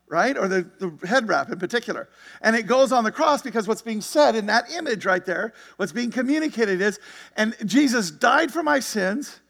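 Male pastor, conversational sermon delivery, high voice, long reverb. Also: gravelly, a bit bright. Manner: conversational preaching with frequent "right?" and "you see it?".

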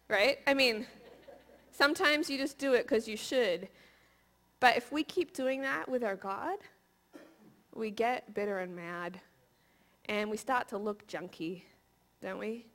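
A woman's voice: sits high, lively intonation, moderate pace, a bit bright. A woman in her thirties giving a conversational, playful sermon and often asking the audience questions. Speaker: preacher.

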